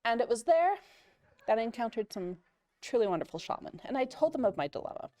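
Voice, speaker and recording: A woman's voice: on the high side, very animated, quick pace, dark tone. A woman player improvising a tall tale in character at a live game panel, playful and rambling with fillers.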